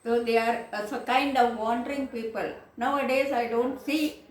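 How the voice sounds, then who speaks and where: A high-pitched woman teacher walks through a poem line by line, slowly paraphrasing each phrase for her students. The sound is roomy and echoey. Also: fairly even intonation. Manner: slow, explanatory, repeats and paraphrases lines. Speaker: English teacher. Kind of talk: explaining a poem in an online lesson. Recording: echoey room.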